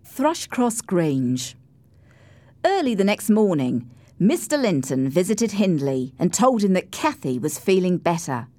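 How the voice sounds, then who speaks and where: A woman narrating a storybook in the first person, slow, clear and expressive. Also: lowish voice, no room sound. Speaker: audiobook narrator.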